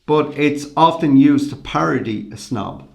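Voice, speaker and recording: Gravelly Irish man in casual chat. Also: fairly high pitch, measured pace, roomy sound. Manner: swears freely, tells stories. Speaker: podcast co-host.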